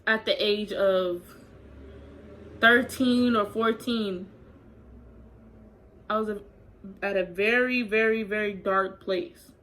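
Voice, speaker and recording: A woman's voice: medium pitch, steady tone, slow, long pauses, a bit bright, a little hiss or hum, low-quality recording. A young adult woman speaking in a candid, confessional way as she tells a personal story to her vlog audience. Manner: candid, confessional, casual chat. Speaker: vlogger.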